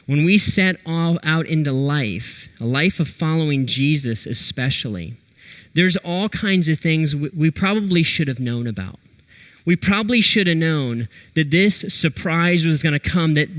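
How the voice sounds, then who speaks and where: A young adult man preaching a sermon, telling a story with lively, animated retellings of what people said. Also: on the high side, normal speed, rough recording. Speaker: pastor.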